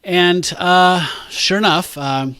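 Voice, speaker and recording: A man's voice: sits high, slow pace, bright, forceful tone, smooth, dry recording. Dry-humored man recapping a comic. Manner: dry humor, recaps plot and reads captions aloud. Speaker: podcast co-host. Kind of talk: casual comic book review chat.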